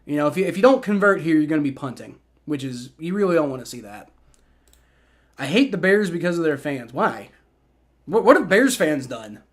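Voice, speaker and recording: A man hosting a live play-by-play reaction stream, excitable and swearing loudly at bad plays while chatting with his viewers. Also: on the high side, a little fast. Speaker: livestream host.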